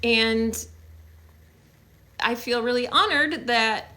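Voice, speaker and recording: A woman's voice: on the high side, slow pace, bright, forceful tone. A young woman hosting a casual livestream on her phone, chatty and upbeat as she thanks viewers, with many fillers. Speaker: livestream host.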